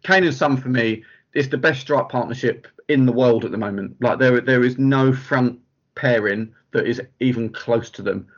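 A man's voice: mid-range voice, moderate pace. A man in a casual chat, peppering his talk with "like". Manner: chatty, lots of "like" fillers. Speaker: podcast co-host. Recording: dull lo-fi audio.

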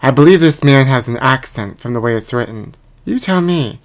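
A man's voice: mid-range voice, expressive, moderate pace. A man hosting a comedy podcast, bantering in a sassy, theatrical way, singing snippets of lyrics and reading aloud with mock drama. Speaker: podcast host.

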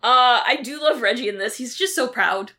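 Bright, lively woman recapping a show. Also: a little high, normal speed. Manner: animated, acts out characters' lines, swears freely. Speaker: podcast co-host. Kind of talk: casual TV recap chat.

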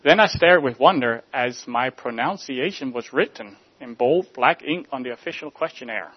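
A man delivering a sermon in a measured, rhetorical way, letting line endings fall soft. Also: mid-range voice, expressive, muffled recording. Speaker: preacher.

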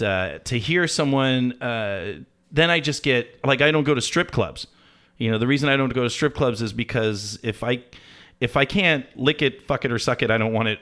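A man's voice: medium pitch, a bit bright. A man co-hosting a podcast, talking in a blunt, profane way. He rambles through his points in loose casual chat and laughs often along the way. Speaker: podcast co-host.

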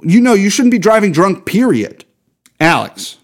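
A man co-hosting a casual beer podcast, ranting with heat and blunt swearing. His voice sits a bit high and moves widely, rising sharply on the points he stresses. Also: big pitch swings, normal speed. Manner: heated, profane, emphatic. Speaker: podcast co-host.

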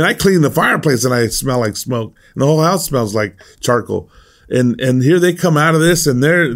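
A middle-aged pastor speaking in an easygoing, conversational way as he reads Scripture and reflects on it. He often repeats words and restarts phrases while he thinks, with the relaxed tone of an informal weekday devotional. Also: mid-range voice. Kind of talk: devotional Bible teaching.

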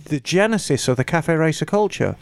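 A woman co-hosting a casual podcast, reading out a listener email with animated, emphatic asides. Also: sits low, fairly quick, vocal fry, clear, resonant tone. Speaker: podcast co-host.

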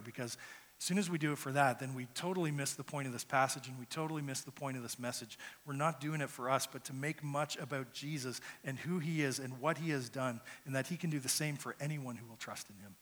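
A man with a medium-pitched, somewhat bright voice preaches quickly as pastor, and his earnest, conversational sermon often repeats words as each phrase begins. It was recorded in a church sanctuary with a long hall reverb.

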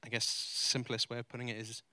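A male pastor preaching a sermon, earnest and confessional, moving between loud emphatic preaching and quiet, vulnerable admission. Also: medium pitch, completely flat delivery, brisk, no echo. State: close to tears. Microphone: handheld or stage mic.

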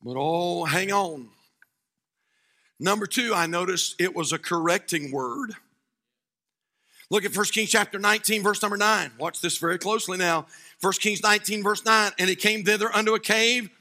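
High, bright-voiced preacher man. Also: moderate pace. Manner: swings from shouted fervor to hushed quiet. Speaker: pastor. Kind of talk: sermon.

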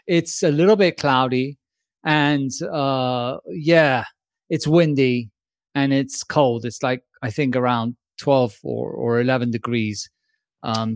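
A man's voice: medium pitch, no echo, studio quality. A man co-hosting a podcast in casual chat, joking around and throwing in mock sponsor plugs, on a remote call. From Spain. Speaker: podcast host.

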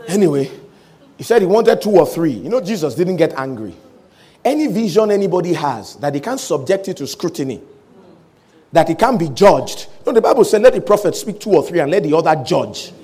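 Male preacher, lively pitch, slightly higher voice, animated storytelling sermon delivery. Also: a little fast, husky. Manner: animated storytelling, voicing quoted speech, rising to shouts.

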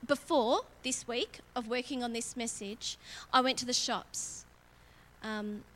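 Bright-voiced woman preaching. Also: medium pitch. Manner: candid, self-mocking, laughs often. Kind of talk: conversational sermon. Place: church auditorium.

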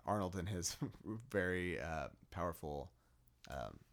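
A man's voice: deep voice, animated, slow. A man in a casual film chat, speaking hesitantly and searching for words.

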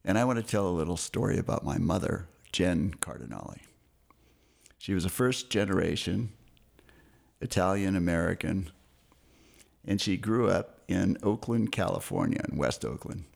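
An older man calmly telling a story about his family. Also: deep voice, moderate pace, creaky. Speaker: caller sharing a tribute. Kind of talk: casual storytelling.

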